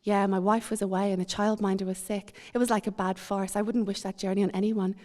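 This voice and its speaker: A woman voicing a friendly middle-aged man on a plane, quiet and rueful, in a story reading. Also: sits high, little pitch movement, a little fast, natural voice. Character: friendly middle-aged male airline passenger.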